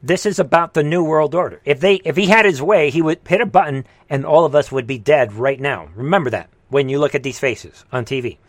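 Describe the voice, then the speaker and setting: A man's voice: on the high side, a little fast, few pauses, no echo. A man hosting a live reaction commentary show, heated and scornful, with mocking asides. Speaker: political commentary host.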